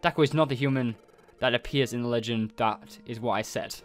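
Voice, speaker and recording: A man reading game dialogue aloud as an ancient, solemn nine-tailed fox spirit, slow and formal with archaic phrasing. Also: medium pitch, faint music behind, close to an everyday voice.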